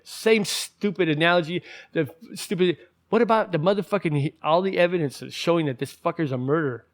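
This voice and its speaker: A man's voice: on the high side, a little fast. A man ranting in casual commentary, heated and profane, rambling with many restarts.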